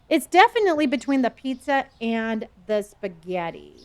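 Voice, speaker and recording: A woman's voice: on the high side, sing-song, moderate pace, hardly any pauses, a little hiss or hum. Chatty woman streamer reading her chat. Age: middle-aged. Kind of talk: casual live-stream chat with viewers.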